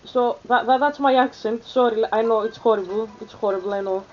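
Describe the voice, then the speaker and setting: In a muffled recording, a young woman from Greece with an Athenian accent talks briskly in a voice on the high side. It's a rambling, casual vlog chat, full of fillers and restarts.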